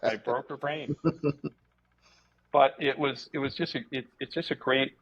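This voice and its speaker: Husky guy telling martial arts stories, swears a bit, trips over his words, muffled audio. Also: medium pitch, a little fast. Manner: animated, repeats words, swears casually. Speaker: martial arts instructor and guest. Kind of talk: casual storytelling interview. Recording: dull lo-fi podcast audio.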